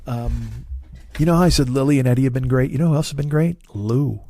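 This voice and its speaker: A man's voice: mid-range voice, brisk, mellow. A middle-aged comedian hosting his podcast, telling a rambling, profane, self-deprecating story into a studio mic. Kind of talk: comic storytelling monologue.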